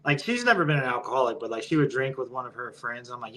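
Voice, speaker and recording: A man's voice: medium pitch, lively intonation, fast, fairly bright tone, low-quality recording. A male podcast guest in casual interview chat, blunt, profane and opinionated.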